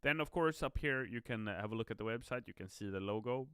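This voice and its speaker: A man's voice: mid-range voice, lively intonation, quick pace, pushed and bright, clean tone, dry recording, studio quality. A tired, yawning man chatting upbeat on a live stream as a game community manager, reading viewer comments aloud. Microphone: streaming mic.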